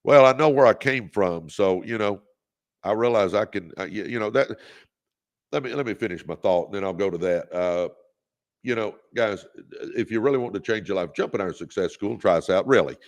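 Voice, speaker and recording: Man host, gravel in the voice, preachy motivational livestream delivery. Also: lowish voice, brisk. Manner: preachy, exhorting, leads call-and-response; reads out viewer comments. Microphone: phone or webcam on a livestream.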